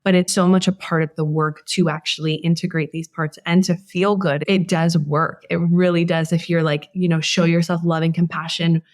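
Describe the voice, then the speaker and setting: A woman hosting a podcast in a relaxed conversation. She speaks in a lowish voice that is earnest and heartfelt, and thinks aloud as she goes. The sound is dry and close, with hardly any room around it. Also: normal speed, few pauses, no room sound. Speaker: podcast host. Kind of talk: casual conversation.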